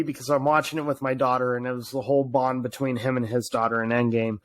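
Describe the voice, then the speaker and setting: Animated man telling a story on a podcast. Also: mid-range voice, fast, few pauses. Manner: animated storytelling, lots of fillers and restarts. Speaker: podcast co-host. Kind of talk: casual chat.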